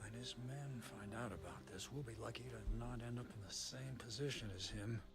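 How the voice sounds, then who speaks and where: A man's voice: medium pitch, normal speed, over loud music, natural voice. An actor voicing a rowdy, crude man in a video game, a storyteller who keeps laughing at his own tale. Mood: urgent.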